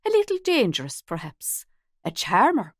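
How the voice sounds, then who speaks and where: A woman reading as a sharp-witted older lady who owns a seaside guest house, talking in a brisk, wry way. The voice sits in an ordinary middle pitch and sounds close and dry, with no room around it. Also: wildly swooping pitch, dry recording.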